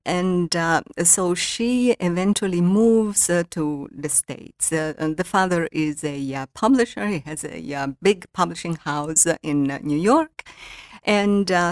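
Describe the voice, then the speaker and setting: An older woman from Italy with an Italian accent, a guest author who talks haltingly with many ums and reads from her novel. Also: on the low side, dry recording, clean studio sound. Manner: hesitant, many ums and uhs. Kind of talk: interview, reading from her novel.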